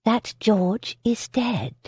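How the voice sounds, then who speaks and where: A woman's voice: on the high side, big pitch swings, measured pace, breathy edge, dry recording, pitched above the performer's own voice, heavily acted. A woman voicing a composed, defiant young heroine who speaks coolly and firmly. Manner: cool and firm, gentle.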